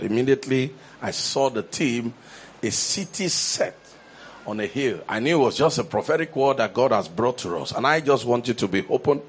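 A man's voice: mid-range voice, slightly rough. A man preaching a sermon, building to emphatic repeated declarations and often restarting his phrases. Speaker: pastor.

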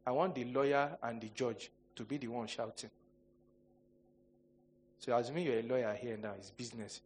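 A man's voice: medium pitch, normal speed, pauses often, slight background noise. A male pastor preaching a sermon, telling humorous stories and acting out quoted voices. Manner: animated storytelling, jokes and mock quotes.

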